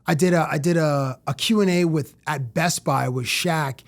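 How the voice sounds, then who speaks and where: A middle-aged man from Canada, a sports TV personality, telling lively stories as a guest in a casual interview and acting out what people said. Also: on the high side, moderate pace, creaky. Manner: animated storyteller who acts out quotes.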